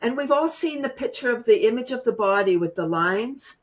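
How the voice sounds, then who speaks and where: Animated and fairly high-pitched at a moderate pace, this woman guests on a video-call interview to demonstrate laughter yoga. She coaches viewers through the guided exercise in a bubbly way, laughing often.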